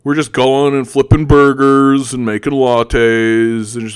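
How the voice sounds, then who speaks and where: A man's voice: mid-range voice, little pitch movement, measured pace, few pauses, clean tone, no echo. A man from Canada giving an angry, profane political rant, often repeating words as he goes. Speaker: political commentator. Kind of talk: ranting political commentary.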